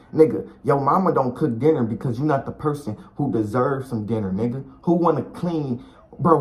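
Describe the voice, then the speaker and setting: Man vlogger, street-slang pep talk, blunt and preachy, average-pitched voice. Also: rough recording. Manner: blunt, profane and slangy, repeats himself, calls the viewer bro and dog; preachy and encouraging. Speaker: video creator giving life advice. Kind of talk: casual motivational talk to camera.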